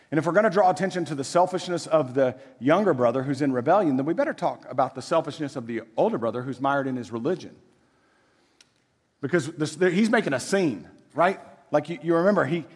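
A man in his forties preaching a sermon in a conversational, animated way, full of rhetorical questions. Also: fairly high pitch. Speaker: pastor. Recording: echoey hall.

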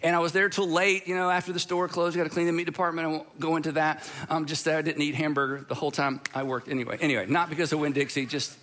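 A man's voice: on the high side, level tone, quick pace, hardly any pauses, a bit bright. A middle-aged man from the southern United States preaching a sermon, earnest and conversational, telling stories with frequent restarts. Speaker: pastor.

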